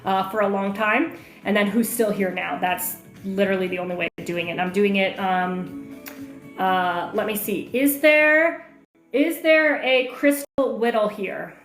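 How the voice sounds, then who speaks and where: A woman's voice: medium pitch, moderate pace, a bit bright. A woman coaching on a livestream, chatting casually, reading viewer comments aloud and answering questions with plenty of fillers. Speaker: online marketing coach hosting a livestream. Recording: echoey room with faint music.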